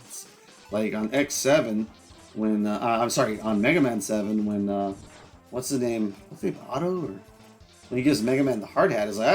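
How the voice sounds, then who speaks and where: A man's voice: on the low side, normal speed, a little mellow, soft background music. A man giving rambling, casual commentary while playing a video game, with lots of fillers and some mild swearing. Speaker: gameplay streamer. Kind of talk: casual let's-play commentary.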